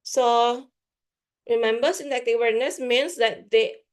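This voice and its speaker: A woman's voice: a little high, fairly even intonation, measured pace, clear, resonant tone. A woman with an Indonesian accent gives a guest lecture to teachers, giving classroom examples and slipping into Indonesian now and then. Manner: mixes Indonesian into English, frequent "for example".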